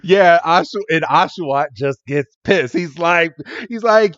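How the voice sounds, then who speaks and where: A man co-hosting a podcast, recapping a cartoon episode with lots of laughter and excited, yelled character quotes. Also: a little high, unhurried, dry recording, dull audio. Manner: animated, laughs often, jumps into excited character voices. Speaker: podcast co-host. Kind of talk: casual episode recap chat.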